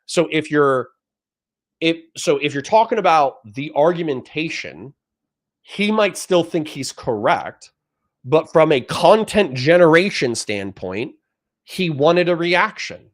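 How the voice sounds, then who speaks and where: A man's voice: on the high side, very animated, slow. A man on a livestream reading chat comments aloud and answering them in a blunt, profane, lecturing rant.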